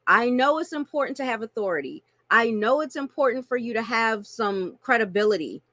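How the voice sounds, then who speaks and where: A woman coaching on marketing in an animated, playful way, laughing often and addressing listeners as y'all. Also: a little high, brisk, dry recording. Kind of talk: teaching a marketing lesson with acted-out examples.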